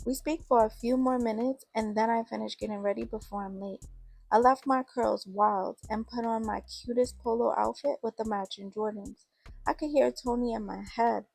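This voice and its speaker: A woman's voice: mid-range voice, fairly even intonation, moderate pace, creaky, a little mellow, no room sound, soft background music. A woman narrating a first-person story in a casual, slangy way.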